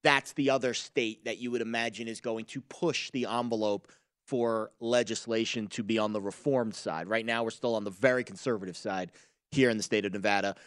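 A man from New Jersey co-hosting a casual sports betting show, talking in an animated, jokey way. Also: lowish voice, a little fast, no echo. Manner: animated, jokey, leans on clichés.

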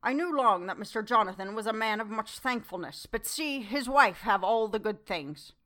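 An old foreign professor, warm in his praise and grave in his fervour, drawing out his broken, formal sentences slowly, as a woman reader puts him on. It is a spoken storybook performance. His voice sits in a middle pitch. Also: lively intonation, natural voice. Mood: admiring. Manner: broken formal English, slow and fervent. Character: old male foreign professor, earnest, effusive. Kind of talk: audiobook character reading.

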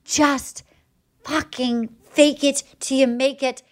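High-voiced woman gossiping animatedly. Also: slow. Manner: animated storytelling, acting out quotes, swears freely. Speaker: podcast co-host. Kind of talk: casual gossip recap.

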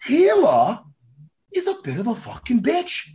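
A man co-hosting a casual chat show, ranting excitably and swearing a lot. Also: extremely high pitch, measured pace. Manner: animated profane ranting, excitable. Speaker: podcast co-host.

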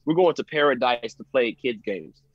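A man guesting on a podcast, telling animated, slangy stories in casual chat. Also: medium pitch, moderate pace, no room sound, dull audio. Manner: animated storyteller, slangy, says "you know what I'm saying" a lot.

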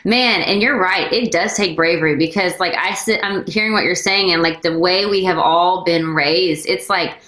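A woman from Texas hosting a casual podcast conversation, animated and playing out what other people would say. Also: medium pitch, moderate pace. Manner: animated, acts out voices of others. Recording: roomy echo.

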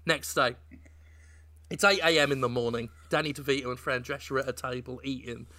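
A man in casual chat, deadpan as he makes up a silly movie plot scene by scene. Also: medium pitch, brisk. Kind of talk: improvised comedy storytelling.

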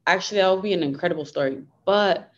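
Low-voiced young woman, earnest and upbeat. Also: fast, muffled recording. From United States. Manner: earnest, upbeat, code-switches Spanglish. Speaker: guest fighter. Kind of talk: casual interview chat.

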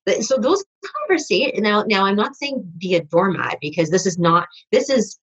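Speaking at normal speed in an expressive, mid-range voice with a breathy edge, a woman rambles as a podcast guest. Her conversational interview talk is full of fillers and restarted sentences, and the highs in the recording are cut off.

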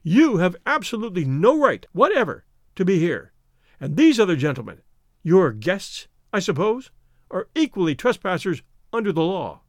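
Pompous male executor, clipped and cold, pitched a bit high, read by a male narrator. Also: big pitch swings, normal speed, dry recording, studio quality. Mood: angry. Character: stern pompous male executor, middle-aged. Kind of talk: audiobook reading.

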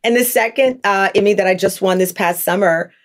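A middle-aged woman, a talk show host as a guest, telling her story in an interview, earnest and animated, acting out quotes. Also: mid-range voice, brisk. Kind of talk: podcast interview.

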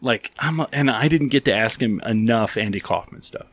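A man's voice: medium pitch, normal speed, dry recording. A man co-hosting a casual chat, telling a story with lots of swearing and acted-out quotes. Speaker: podcast co-host.

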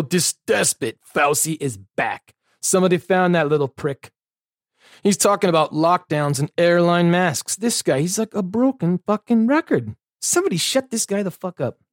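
A man's voice: high voice, no room sound, studio quality. A man hosting a podcast, ranting with constant swearing and sarcasm. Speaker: podcast host. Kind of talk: profane ranting commentary.

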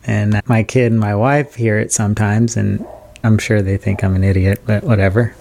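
A man co-hosting a podcast in casual chat, with a smooth, even, relaxed way of talking. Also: fairly low pitch, normal speed. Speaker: podcast co-host.

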